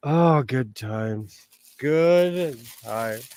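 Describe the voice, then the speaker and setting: A man's voice: on the high side, bright, forceful tone, a little hiss or hum. A man hosting a casual sewing livestream, chatting, laughing often and reading viewer comments aloud. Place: home sewing room.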